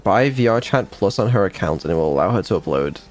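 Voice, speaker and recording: A man's voice: deep voice, animated, quick pace, faint music behind. Laid-back man on a dev stream. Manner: laid-back, mumbling asides, frequent ums and swearing. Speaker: developer and streamer. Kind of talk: casual chat on a dev stream.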